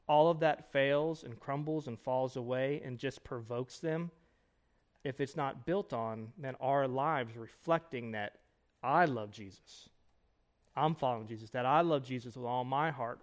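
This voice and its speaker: A man in his thirties teaches a conference breakout like a pastor talking with friends. His delivery is casual and emphatic, his voice sits at an ordinary middle pitch, and he keeps checking in with his listeners. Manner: conversational, emphatic, quick asides and rhetorical "right?". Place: conference room.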